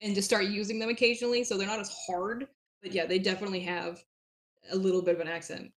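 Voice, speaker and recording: A woman's voice: mid-range voice, fairly even intonation, fast. Chatty woman from New Hampshire. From southern New Hampshire. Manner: chatty, laughs often, many fillers. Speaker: interview guest. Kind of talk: casual interview chat.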